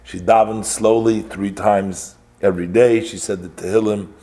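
A man telling a story in a religious lesson, halting, with frequent pauses and self-corrections. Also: fairly low pitch, fairly even intonation, mellow. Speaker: religious teacher.

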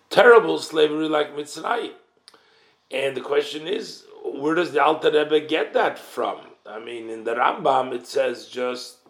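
A man teaching a text study class, reading Hebrew phrases and explaining them in English. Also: medium pitch. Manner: unhurried, careful explaining. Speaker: Torah teacher.

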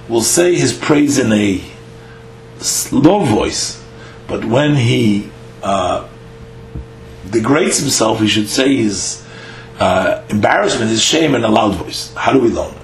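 A man's voice: mid-range voice, lively intonation, soft background music. A man giving a Talmud lesson, reading each line aloud, then explaining it in English with frequent "uh" fillers. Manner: reads Aramaic lines then explains, with halting fillers. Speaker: Talmud teacher. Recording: echoey room with faint hum.

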